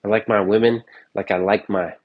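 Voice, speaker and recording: A man's voice: on the low side, steady tone, brisk, phone-quality sound, very noisy. A man chatting casually in his kitchen in a vlog, joking and swearing loosely. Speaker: streamer. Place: home kitchen.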